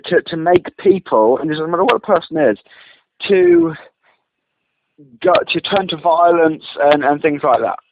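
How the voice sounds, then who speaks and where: A man in a casual argument, defensive and stammering with many restarts. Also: fairly high pitch. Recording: tinny phone-like line, faint hiss.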